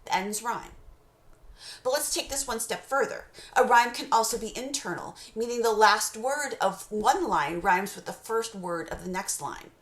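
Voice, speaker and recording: In a recorded course lecture on poetry, a woman teacher with a fairly high, expressive voice explains terms in a measured way and slowly reads short poem excerpts aloud. The room is echoey.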